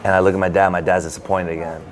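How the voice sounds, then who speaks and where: This fairly low-voiced author talks rapid-fire with crowd noise around him, recounting something from his own life to an interviewer at a bookstore. His telling is loose and lively, thick with "like."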